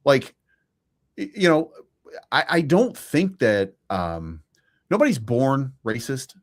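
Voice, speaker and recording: Casting: male podcast co-host, mid-pitched, opinionated, rushes in bursts. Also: big pitch swings. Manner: opinionated, speeds up in bursts, swears. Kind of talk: casual opinion chat.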